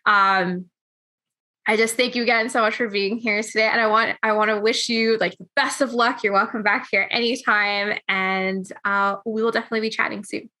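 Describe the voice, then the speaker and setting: A woman hosting a casual interview over a video call, chatty and rambling, quick to laugh. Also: mid-range voice, steady tone, sharp tone. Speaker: podcast host.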